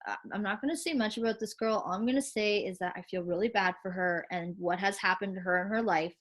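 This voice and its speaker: A woman's voice: medium pitch, fast, a bit bright. A woman talking about her child on a video call. She speaks bluntly, swears often and acts out what others said. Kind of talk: heated casual chat.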